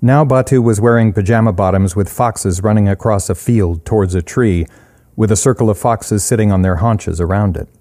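A man reading a short story aloud in a steady, even manner. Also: lowish voice, moderate pace. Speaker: narrator.

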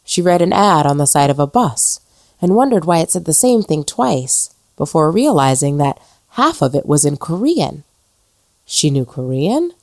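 A woman narrating a ghost story in a measured, dramatic storytelling manner. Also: low voice, very animated, darkish tone, no room sound, clean studio sound. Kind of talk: scripted narration.

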